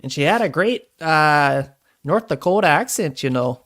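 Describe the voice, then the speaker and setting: A man's voice: a little high, expressive, normal speed, fairly bright tone, no echo, studio quality. Laid-back swearing podcast co-host, a man. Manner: laid-back, swears freely, laughs often. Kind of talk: casual chat.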